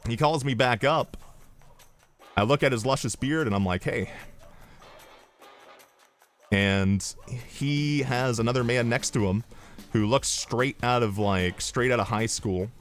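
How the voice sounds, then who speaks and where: A male streamer telling a comedic story in a rambling, animated way with deadpan asides. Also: on the low side.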